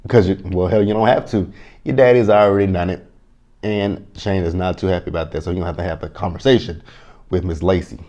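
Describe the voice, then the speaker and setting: A man's voice: low-pitched, fairly even intonation, fast, dark tone. A man reviewing a reality show to camera in a blunt, profane, chatty way. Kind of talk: casual commentary to camera.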